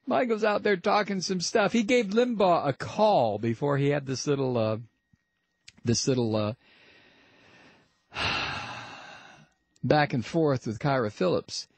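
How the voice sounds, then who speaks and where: High-voiced, sarcastic radio host. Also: male voice, animated, dry recording. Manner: sarcastic, mocking, halting. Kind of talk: talk radio commentary.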